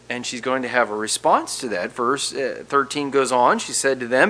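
Bright-voiced expressive preacher man. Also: mid-range voice, normal speed, few pauses. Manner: expressive, swings from emphatic to hushed. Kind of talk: sermon.

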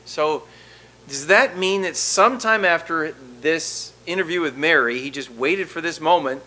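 A middle-aged man preaching a sermon, moving between hushed, intimate moments and loud, emphatic passages as he walks through a scripture text. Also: fairly high pitch, a little slow. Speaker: pastor.

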